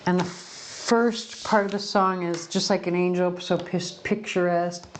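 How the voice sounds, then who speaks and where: Her voice is lowish and fairly even, a little slow, with background noise behind it. She's a woman doing a casual pick-a-card tarot reading in a room by a window at home, chatty and rambling and often correcting herself.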